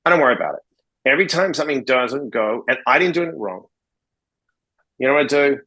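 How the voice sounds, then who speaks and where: A man's voice: mid-range voice, expressive, fast, a bit bright, poor audio. A man from Australia, a podcast guest, telling stories bluntly and swearing freely as he acts out conversations. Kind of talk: casual interview storytelling.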